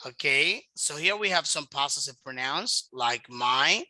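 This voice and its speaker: A woman teaching English to a child over a video call, speaking slowly and patiently and modelling each word's pronunciation. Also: low-pitched, expressive, bright, forceful tone, dry recording, poor audio. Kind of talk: online class with a child.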